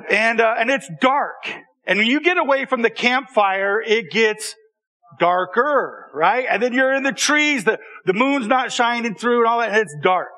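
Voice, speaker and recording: A man telling a personal story to an audience in a lively, conversational way, often checking in with the listeners. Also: sits high. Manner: animated, conversational, with repeated restarts and audience asides. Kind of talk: storytelling talk.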